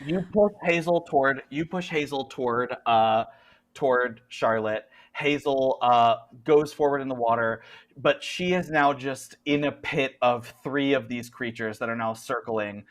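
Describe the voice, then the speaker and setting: A man running a tabletop horror game as game master, narrating animatedly and often laughing. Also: mid-range voice. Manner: animated, quick to laugh, filler-heavy.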